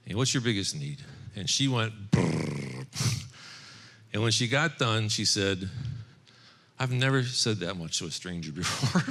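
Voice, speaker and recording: A man's voice: lowish voice, a bit bright. A middle-aged man telling a personal testimony to a men's Bible study group in an earnest storytelling manner. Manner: earnest, storytelling, quoting others in his own voice, occasional laughs.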